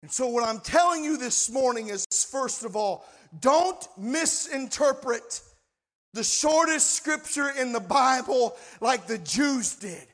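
A man preaching a sermon as pastor, impassioned, moving between shouted lines and hushed, quiet passages. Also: very high-pitched, expressive, slow pace.

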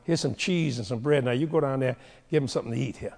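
A man voicing a gruff older father giving his son orders, in a low and quiet tone with a long hall reverb. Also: quick pace. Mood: instructing.

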